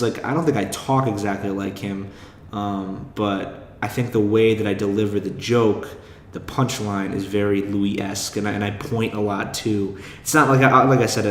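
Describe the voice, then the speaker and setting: A young man hosts a podcast in an echoey room, his lowish voice backed by a faint hiss or hum. He delivers a casual monologue, rambling and self-deprecating, packed with fillers and swearing.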